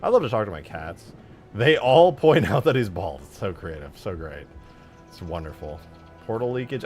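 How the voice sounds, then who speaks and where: Male streamer, lively pitch swings, cursing, excitable, mutters then yells. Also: normal speed, faint music behind. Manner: excitable, swears a lot, swings from mumbling to yelling. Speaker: streamer modding a video game. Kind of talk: live-stream commentary.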